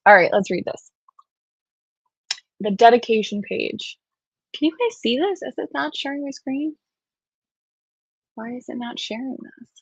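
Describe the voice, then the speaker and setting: Woman, livestream host, casual commentary, gravelly fry, dry close sound. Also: a little high, expressive, measured pace, pauses often, dry recording, lo-fi sound. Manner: chatty, self-deprecating, emotional while reading. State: near tears. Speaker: true-crime livestream host.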